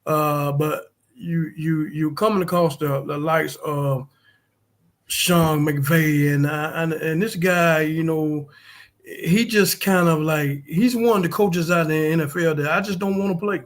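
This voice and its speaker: A man co-hosting a sports podcast, giving casual analysis in a thoughtful, halting way with many fillers. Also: a little high, fairly even intonation. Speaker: podcast co-host.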